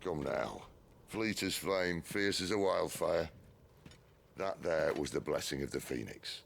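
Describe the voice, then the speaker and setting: An actor playing a gruff, weathered male rebel leader in a video game cutscene, with a wry drawl. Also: low-pitched, animated, unhurried, slight background noise, full character voice.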